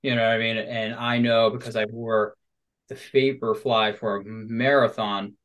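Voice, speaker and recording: A man hosting a podcast, talking in a chatty, upbeat and animated casual conversation. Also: on the low side, moderate pace, highs cut off. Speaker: podcast host.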